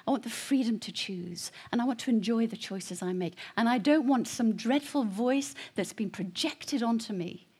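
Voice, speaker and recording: A middle-aged woman tells her conversion story to a congregation. Her voice is breathy and husky. She swings between near-whispered, hushed passages and loud, emphatic bursts. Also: on the high side, normal speed, few pauses. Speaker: guest speaker giving testimony. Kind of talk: personal testimony to a congregation.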